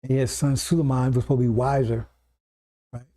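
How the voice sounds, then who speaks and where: Dark-voiced man preaching to brothers and sisters. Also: mid-range voice, level tone, a little fast. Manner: explanatory, keeps checking in with "see?" and "right?". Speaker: preacher teaching scripture. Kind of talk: sermon lecture to congregation.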